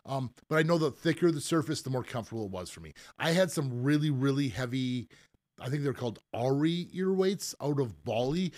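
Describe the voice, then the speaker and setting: A man's voice: mid-range voice, a little mellow. A man hosting a podcast as a piercer, talking in an easygoing, rambling way with fillers and restarts, and he has the hiccups. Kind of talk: casual podcast chat.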